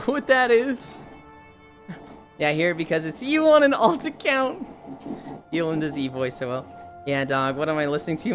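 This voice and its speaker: Animated young woman streamer, lively pitch. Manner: animated storytelling, mocking impressions. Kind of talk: casual chat with chat readers.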